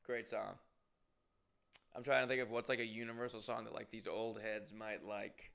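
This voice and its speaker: A young comedian tells a profane, animated story from his tour as a casual monologue, punctuated by loud bursts of emphasis. His voice is on the low side, brisk and creaky, with a clean tone.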